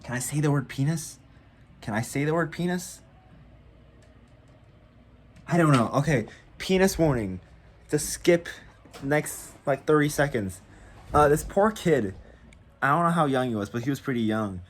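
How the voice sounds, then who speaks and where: A tired young man talking in a casual diary vlog, halting and full of fillers and restarts. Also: fairly high pitch, expressive, a little hiss or hum. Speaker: vlogger.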